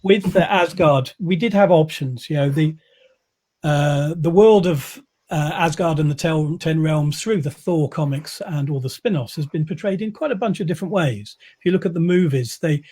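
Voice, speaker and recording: A man talking casually on a video call, wry and rambling, with plenty of ums and uhs. His voice sits a little high for a man, with a dark, husky tone. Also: normal speed. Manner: wry, rambling with many fillers. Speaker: publisher. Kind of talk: casual chat.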